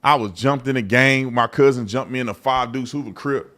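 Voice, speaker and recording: Hosting a live political commentary show, this adult man from Texas talks in a blunt, mocking, slang-heavy way with a Texan accent. His voice is medium-pitched, fairly bright, and brisk.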